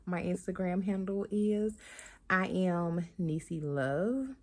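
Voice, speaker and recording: A woman's voice: fairly low pitch, takes it slowly, a little mellow. A young woman vlogger chatting casually to her viewers, with slangy asides. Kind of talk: casual vlog chat to camera.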